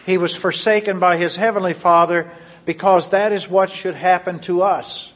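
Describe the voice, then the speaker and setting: A man reading a scripted Lenten devotion in a measured, solemn way. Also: high-pitched, steady tone, fairly bright tone. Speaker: devotion reader.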